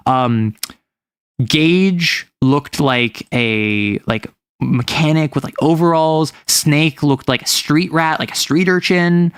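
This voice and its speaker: A man's voice: fairly high pitch, takes it slowly, a bit bright, clean tone, no echo, studio quality. A man chatting casually as a game master, rambling and self-correcting, with lots of "like" as filler. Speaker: game master recounting a campaign. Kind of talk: casual chat.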